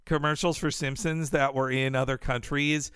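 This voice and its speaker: A man's voice: mid-range voice, level tone, moderate pace, a bit bright, clear, resonant tone, dry recording, studio quality. A man co-hosting a podcast, chatting casually and laughing often between his thoughts. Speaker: podcast co-host. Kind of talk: casual chat.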